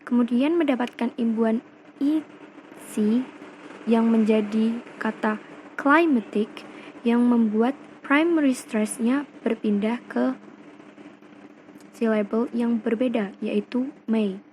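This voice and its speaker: A woman's voice: on the high side, measured pace, a little mellow, a little hiss or hum, poor audio. A young woman with an Indonesian accent giving a class presentation as a student, explaining carefully and moving between English and Indonesian. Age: young adult.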